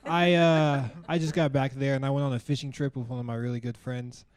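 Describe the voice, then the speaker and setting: A man's voice: medium pitch, fairly even intonation, a little fast, a little mellow, clear, resonant tone, no room sound. A male stand-up comedian talking to a live audience on stage in a conversational style, full of asides like "you know" and "like".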